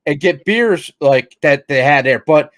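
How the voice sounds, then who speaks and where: A man's voice: fairly high pitch, animated, a bit bright, no room sound. Rambling man, dry close sound. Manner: rambling, halting, many fillers and restarts. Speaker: podcast co-host. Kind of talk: casual chat.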